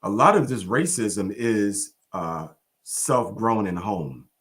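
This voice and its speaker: A man hosting a discussion podcast, telling stories in an expressive, animated way. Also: lowish voice, takes it slowly. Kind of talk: casual discussion.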